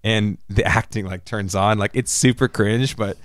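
Animated man retelling a story. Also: normal speed, smooth, no echo, clean studio sound. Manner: animated storyteller, acts out character lines in jumpy high voices. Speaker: podcast co-host recapping an anime. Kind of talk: casual chat.

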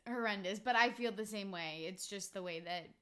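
A young woman from Canada hosting a casual podcast, chatty and quick to laugh, filling her talk with "like". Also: mid-range voice, sharp tone. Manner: chatty, laughs often, heavy use of "like". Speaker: podcast host. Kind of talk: casual chat.

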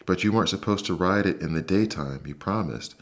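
Earnest storybook boy, a bit reproachful, low voice, read by a man. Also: a little fast, a bit bright. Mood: hurt. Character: earnest young boy, trusting then hurt.

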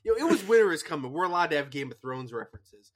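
A man co-hosting a podcast in casual chat, jokey and quick with interjections. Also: fairly high pitch, big pitch swings. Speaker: podcast co-host.

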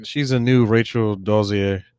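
A man's voice: on the low side, fairly even intonation, a little slow, a little mellow, smooth, dry recording. A young man with a New York accent, co-hosting a podcast and chiming in with short, laid-back quips. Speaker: podcast co-host. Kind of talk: casual podcast chat.

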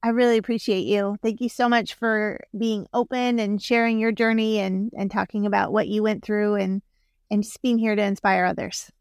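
A woman's voice: mid-range voice, fairly even intonation, moderate pace, clean tone, no echo, studio quality. A woman hosting a podcast, thanking her guest and reading a scripted sign-off. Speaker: podcast host. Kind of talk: podcast interview and outro. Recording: loud music bed under the voice.

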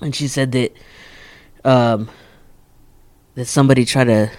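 A man's voice: medium pitch, measured pace, no echo. A man in a casual chat, telling stories with heavy swearing. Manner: heavy swearing, animated storytelling.

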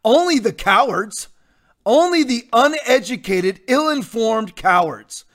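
A man's voice: very high voice, lively intonation, unhurried, a bit bright. A man preaching as a pastor in a blunt, defiant rant, repeating his points for emphasis. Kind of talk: combative sermon rant.

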